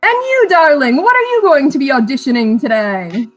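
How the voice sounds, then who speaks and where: A woman's voice: high-pitched, big pitch swings, brisk, poor audio. A woman voicing a small, cheerful male cartoon ringmaster who talks in theatrical showman patter. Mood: gushing.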